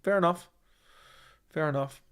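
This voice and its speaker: A man's voice: a little high, unhurried, clean tone. A young man hosting a livestream, reading chat and answering in a blunt, profane, dismissive way.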